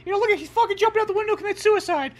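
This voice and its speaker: A woman's voice: very high voice, rapid-fire. A woman giving crude, joking commentary while watching a film, swearing constantly and mocking the characters. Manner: profane, mocking, does silly voices.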